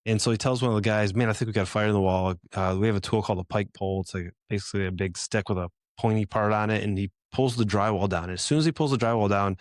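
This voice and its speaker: A man's voice: fairly low pitch, quick pace, hardly any pauses, no echo, studio quality. A middle-aged man hosting a podcast, giving earnest, encouraging advice to fathers in a direct way. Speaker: podcast host. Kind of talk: motivational talk to fathers.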